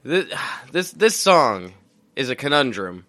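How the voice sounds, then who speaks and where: A man's voice: medium pitch, very animated, a bit bright. A man co-hosting a podcast, answering in casual chat and laughing often. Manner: laughs often, drawn-out replies. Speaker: podcast co-host.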